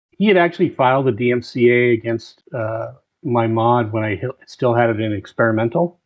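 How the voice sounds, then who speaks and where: Podcast guest, male, mid-pitched, steady explainer with lots of uhs, muffled remote mic. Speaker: guest mod developer. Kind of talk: casual podcast chat.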